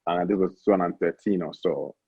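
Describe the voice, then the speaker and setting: A man's voice: low voice, fast talker, husky, no room sound, muffled recording. A young Nigerian man, a founder and interview guest, telling stories animatedly with many restarts. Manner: animated, lots of restarts and stammered repeats. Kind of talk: casual interview storytelling.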